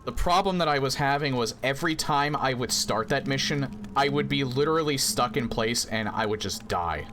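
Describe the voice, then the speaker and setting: A man's voice: mid-range voice, normal speed, noisy background. A man streaming a video game, chatting casually as he plays and making dry, sarcastic asides. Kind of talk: casual gameplay commentary.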